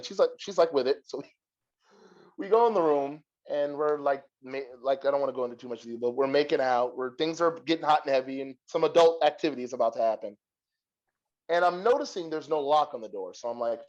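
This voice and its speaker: A young adult man hosting a podcast and telling a long story in a profane, animated way, laughing often. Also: fairly high pitch, fast, highs cut off. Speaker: podcast host. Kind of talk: casual storytelling.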